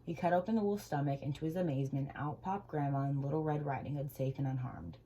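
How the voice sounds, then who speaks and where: A woman reading a children's storybook aloud with gentle, expressive storytelling. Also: low-pitched, fast, a little hiss or hum, low-quality recording.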